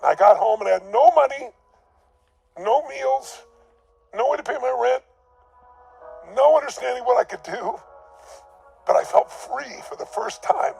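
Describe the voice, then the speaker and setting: Intense gravelly man telling a story. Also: high voice, darkish tone. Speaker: motivational speaker. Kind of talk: personal storytelling motivational talk.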